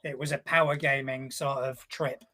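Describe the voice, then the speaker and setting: A mid-pitched co-host guides a relaxed podcast conversation about tabletop games, setting up topics and asking the others questions. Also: normal speed. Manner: steers the talk with questions. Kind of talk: casual chat.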